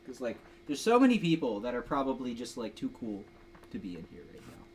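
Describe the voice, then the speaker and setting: A man's voice: medium pitch, sing-song, a little fast, slight background noise. A young man hosting a casual livestream, rambling and joking while drinking, reading a fanfic aloud mockingly. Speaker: livestream host.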